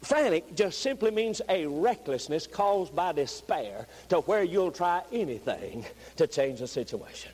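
A man preaching a revival sermon, moving from low, plain talk up to high, shouted pleading. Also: very animated, a little slow, hardly any pauses, poor audio.

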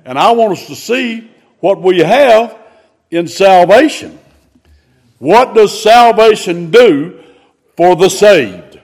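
A man delivers a sermon in a high, gravelly voice. He speaks slowly and emphatically, and his pitch swings widely as he preaches. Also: big pitch swings, darkish tone. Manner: emphatic, drawn-out preaching with sudden rises in pitch.

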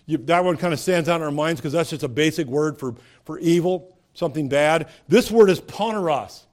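A man's voice: fairly high pitch, a little fast. A man preaching a sermon in a conversational way, asking rhetorical questions and rising to emphatic peaks. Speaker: pastor.

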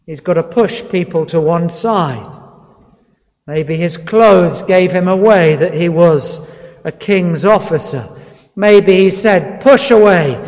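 A man preaching a sermon in an earnest, pleading way, repeating words for emphasis. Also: high voice. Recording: long hall reverb.

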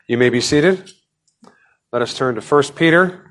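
A man as pastor, preaching a sermon with prayers and a scripture reading in a measured way. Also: mid-range voice, fairly bright tone, soft background music.

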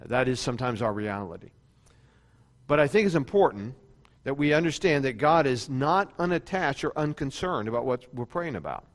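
A man's voice: mid-range voice, expressive, moderate pace, in a large hall. A male pastor giving a sermon in a conversational preaching style, now and then acting out quoted prayers. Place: church sanctuary.

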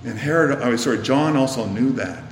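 A man preaching a sermon, swinging from loud emphatic bursts to hushed, whispered lines. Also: mid-range voice, expressive, brisk, a little hiss or hum. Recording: echoey hall, faint ambience.

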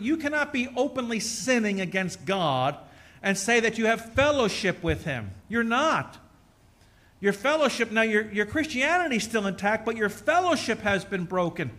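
Middle-aged preacher guy, high bright voice, folksy and jokey then fired up. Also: big pitch swings, moderate pace. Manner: folksy, joking asides, rising to fervent preaching. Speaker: pastor. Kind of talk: sermon.

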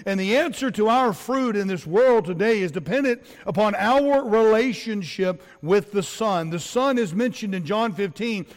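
A man's voice: high voice, expressive, moderate pace, hardly any pauses. A middle-aged man preaching a sermon as pastor, earnest, with repetitions and fillers. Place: church. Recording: long hall reverb.

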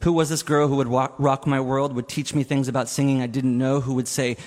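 A man's voice: medium pitch, little pitch movement, fairly quick. A man in his forties giving a funeral eulogy, telling stories with laughs and asides. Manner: warm storytelling with laughs and asides. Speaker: eulogy speaker. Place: chapel. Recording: long hall reverb in a chapel.

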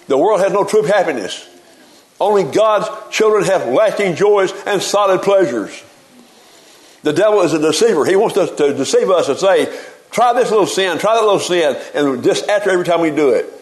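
A man's voice: sits high, lively intonation, normal speed, a little mellow, rough recording. A man preaching a sermon in a folksy, emphatic way, often repeating words as he gets going.

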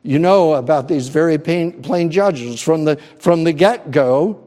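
A man preaching a sermon, earnest and emphatic, with deliberate pauses. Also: a little high, dark tone, long reverb tail. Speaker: pastor.

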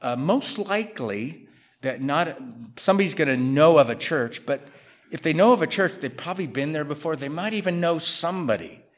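A man preaching a sermon as a pastor, talking conversationally, rising to loud emphatic bursts, dropping to quiet asides, and acting out quoted people. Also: fairly high pitch, lively intonation, normal speed. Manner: acts out quoted people in his own voice.

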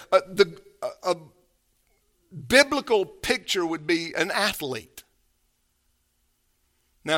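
Male pastor, sermon, high bright tone, unhurried delivery, emphatic, repeats words. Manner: emphatic preaching, with hushed passages; repeats words and restarts often.

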